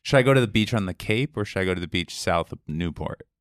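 Very deep-voiced man, casual podcast host. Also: lively intonation, dry recording, clean studio sound. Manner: loose, profane storytelling with quick asides. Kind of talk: casual explanatory chat.

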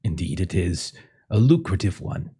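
A man's voice: sits low, very animated, normal speed, mellow, husky, heavily acted. A man voicing a stern icy alien overseer woman. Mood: curt. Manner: curt, clipped and impatient.

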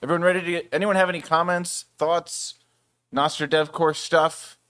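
A man's voice: a little high, fairly even intonation, moderate pace, fairly bright tone, no room sound. A man casually presenting at a developer meetup, rambling a bit with fillers.

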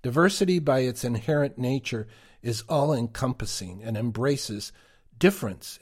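A man co-hosting a podcast, giving prepared commentary in a deliberate, emphatic way. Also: medium pitch, husky. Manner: slow, deliberate, emphatic delivery. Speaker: podcast co-host.

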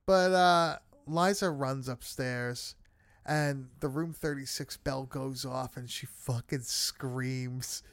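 A man's voice: medium pitch, fairly even intonation, takes it slowly, no room sound. A man casually recapping a horror film with friends, swearing often and leaning on fillers. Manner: loose, swearing, many fillers.

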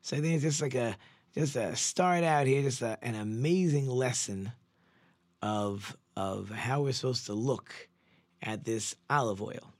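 Male rabbi, mid-pitched, dry close sound, animated storytelling Torah lesson with conversational restarts. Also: unhurried, dry recording.

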